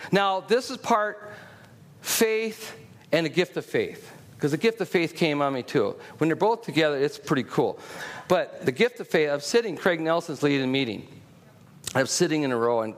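A middle-aged man preaches with a slightly high voice. He tells stories and urges his listeners on in an animated, exhorting manner. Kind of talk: sermon.

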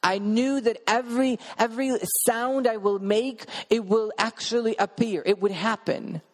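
A man's voice: high-pitched, fairly even intonation, moderate pace, long reverb tail. A man preaching a sermon, earnestly telling a personal story in vivid present tense. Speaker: preacher sharing a testimony.

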